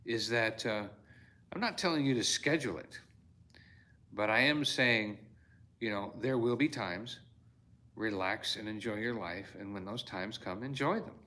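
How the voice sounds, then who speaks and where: Man, storyteller, earnest and heartfelt, fireside devotional reading, bright tone. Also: fairly low pitch, measured pace. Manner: earnest and heartfelt, breaks into exclamations. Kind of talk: reflective fireside talk, reading his own devotional.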